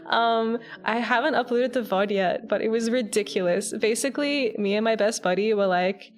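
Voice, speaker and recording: A woman's voice: a little high, normal speed. A woman streamer recapping a game in casual, chatty storytelling, often breaking into giggles. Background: faint background music.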